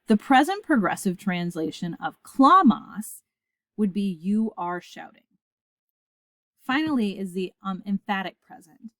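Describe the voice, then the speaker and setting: A woman teaching a Latin grammar lesson in a clear, deliberate scripted narration, reciting word forms aloud for listeners to repeat. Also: medium pitch, big pitch swings, fairly bright tone, dry recording.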